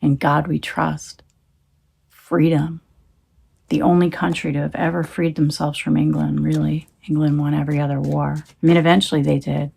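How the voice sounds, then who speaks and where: A woman's voice: low voice, level tone, moderate pace, creaky, a little mellow, breathy edge. A woman talking into her phone in a rambling, emphatic monologue, swearing when she gets heated. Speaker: tarot reader.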